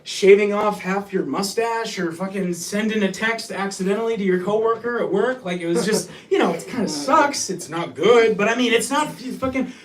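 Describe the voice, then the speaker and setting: High-voiced man doing rowdy stand-up. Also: normal speed, few pauses, far from the mic, faint music behind. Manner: crude, rambling, often shouting and laughing. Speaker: stand-up comedian. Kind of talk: stand-up comedy set. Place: small comedy venue.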